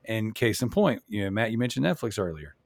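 A man's voice: fairly low pitch, very animated, brisk, vocal fry, no room sound, studio quality. A man hosting a casual podcast, making his points emphatically, often restarting and asking "you know what I'm saying?". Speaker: podcast host.

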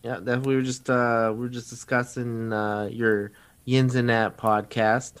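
A man hosting a podcast, joking and laid-back, with frequent pauses and fillers. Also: medium pitch, flat delivery, smooth. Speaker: podcast host. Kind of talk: casual chat.

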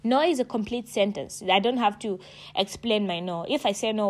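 Emphatic woman lecturing viewers. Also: normal speed. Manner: emphatic and preachy, addresses listeners as sweetheart and darling; animated, jumps high in pitch when stressing points. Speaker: vlogger giving advice. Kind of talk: casual direct-to-camera talk.

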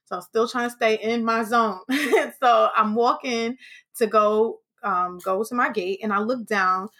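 Lively storytelling woman, bright voice. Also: a little high, measured pace. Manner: animated, swearing, acts out quotes. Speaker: podcast host. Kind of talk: casual storytelling chat.

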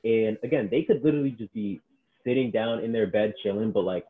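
A man's voice: on the low side, brisk. A man who works as a personal trainer, chatting casually and acting out what his clients told him. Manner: animated storyteller, acts out clients' quotes. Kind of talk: casual podcast chat. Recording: tinny phone-like sound.

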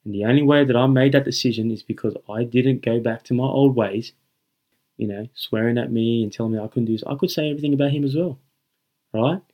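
A man's voice: medium pitch, quick pace, highs cut off. A young man hosting a motivational podcast, talking earnestly and emphatically to his listeners and repeating his key points. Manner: earnest, emphatic and repetitive, addressing listeners as guys. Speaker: podcast host.

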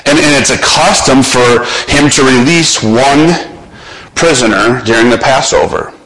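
A man preaching a sermon, slowly and dramatically retelling a scripture scene and putting the listener in it. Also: mid-range voice, a bit bright, rough recording.

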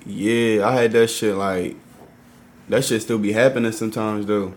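A man's voice: on the low side, fairly even intonation, normal speed. A man talking as a podcast guest, a rapper, in slangy, profane casual chat. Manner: slangy, profane, keeps saying "you feel me" and "bro".

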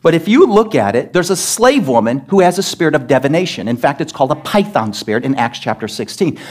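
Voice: medium pitch, very animated, quick pace, darkish tone. A pastor preaching a sermon to a congregation, emphatic and pressing them with questions. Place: church service.

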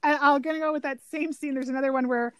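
A woman's voice: high-pitched, fairly even intonation, quick pace. A woman co-hosting a casual film chat, animatedly retelling favorite scenes. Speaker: podcast co-host.

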